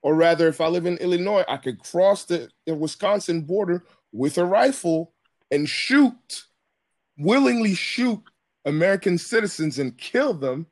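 A man's voice: sits high, animated, normal speed, dry recording. A man speaking as a guest in a casual podcast chat. He argues his point earnestly, step by step.

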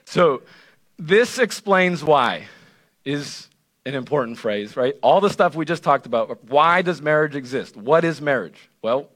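A male pastor preaches in a loose, conversational way, often tossing "right?" back at the congregation. His voice sits a little high for a man. He keeps the delivery animated and lively. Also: unhurried. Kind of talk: sermon.

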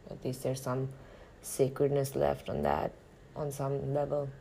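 Low, gravelly woman, candid and frank. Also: flat delivery, unhurried, mellow, a little hiss or hum. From northern India. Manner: frank and profane, reflective. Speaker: actor. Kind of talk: candid personal storytelling.

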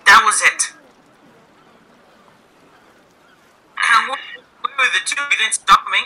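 A man's voice: high-pitched, animated, normal speed, bright, forceful tone, full character voice. A man playing an earnest grieving crewmate. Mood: firm. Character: earnest man consoling his captain over his dead brother. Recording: phone-like lo-fi line.

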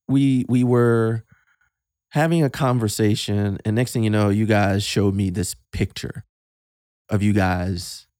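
A man in his fifties, a father speaking with emotion in a casual podcast talk, halting and repeating words as he gets choked up. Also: on the low side, steady tone, darkish tone, no echo, studio quality. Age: 50s. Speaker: guest, host's father.

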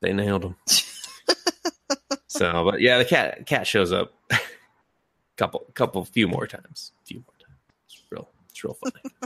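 A man co-hosting a podcast, retelling an anime scene with laughs, swearing and quick voice changes. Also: lowish voice, big pitch swings, sharp tone, husky, no room sound. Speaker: podcast co-host. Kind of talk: casual chat.

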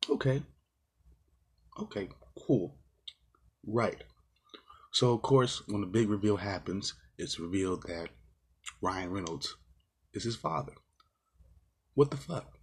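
A man's voice: medium pitch, animated, measured pace, long pauses, husky. A man giving a casual, exasperated movie review, rambling with fillers and swearing often. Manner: rambling with many fillers and restarts.

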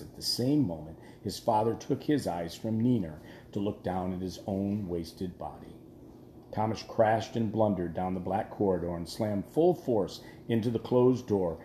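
A man narrating an audiobook in a measured storytelling voice that drops quiet at tense moments. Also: fairly low pitch, reverberant, slight background noise. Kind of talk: scripted narration.

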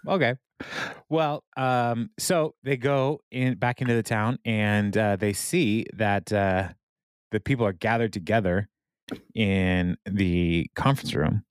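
A man's voice: fairly low pitch, fairly even intonation, takes it slowly, clean tone, dry recording, clean studio sound. A young adult man casually recapping a TV episode, laughing often and retelling scenes with quoted lines. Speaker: podcast co-host.

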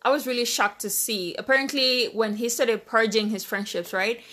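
Chatty woman hosting a podcast, rather high. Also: fairly even intonation, moderate pace, a bit bright. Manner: chatty, teasing and sarcastic, laughs often. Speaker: podcast host. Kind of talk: casual family podcast chat.

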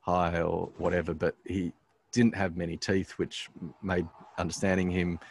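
Deep-voiced man, halting storyteller. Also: level tone, gravelly, a little hiss or hum. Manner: halting, many "um"s and restarts. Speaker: pastor, guest. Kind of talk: conversational storytelling.

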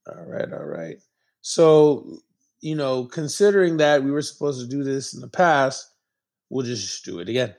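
A man's voice: medium pitch, sing-song, normal speed, a little mellow. A man co-hosting a podcast in casual, slangy, joking chat. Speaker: podcast co-host.

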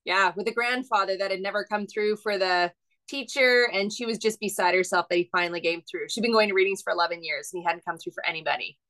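A woman's voice: medium pitch, fast talker, fairly bright tone, low-quality recording. A woman co-hosting a podcast as a medium, talking in a casual, reflective and thoughtful way. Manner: reflective and thoughtful, agreeing often. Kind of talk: casual chat.

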